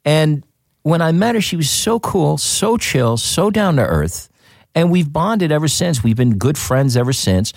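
A man's voice: a little high, unhurried, no echo, clean studio sound. A man, an actor, chatting casually in an interview and telling stories with lots of fillers. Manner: animated, storytelling with many fillers. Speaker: actor guest.

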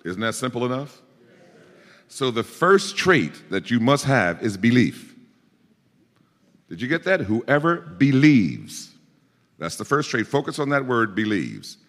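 Male pastor, emphatic exhorting sermon voice, very animated, recorded in an echoing church. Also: mid-range voice, measured pace, pauses often. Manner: emphatic, rising to forceful exhortation. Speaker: preacher.

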